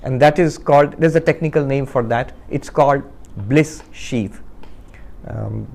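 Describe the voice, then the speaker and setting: A man giving a spiritual talk to a live audience, telling a story and acting out its characters with lively shifts of voice. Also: medium pitch, a little slow, creaky. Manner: asks the audience questions. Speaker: spiritual teacher.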